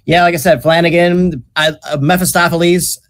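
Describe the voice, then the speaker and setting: A man's voice: a little high, level tone, normal speed, fairly bright tone. Hesitant male panel host. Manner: hesitant, with many "uh"s and restarts. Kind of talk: hosting an online fan panel. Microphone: video call.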